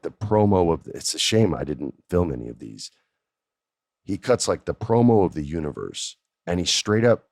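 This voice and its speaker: A man hosting a podcast, telling a story casually, animated and profane, jumping up high in pitch for emphasis. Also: dry recording, studio quality. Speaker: podcast host.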